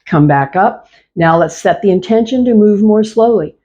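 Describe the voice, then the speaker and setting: A woman leading a chair yoga class, giving calm, repetitive cues to move slowly and breathe. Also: mid-range voice, dull audio. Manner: slow, calm, repetitive cueing. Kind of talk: guided exercise class instruction.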